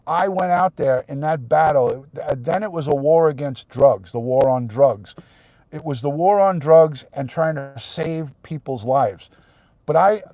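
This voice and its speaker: A middle-aged retired police detective, talking blunt and profane on a live stream, sometimes heated and shouting. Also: male voice, on the high side, no echo. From New York. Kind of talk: live stream rant to viewers.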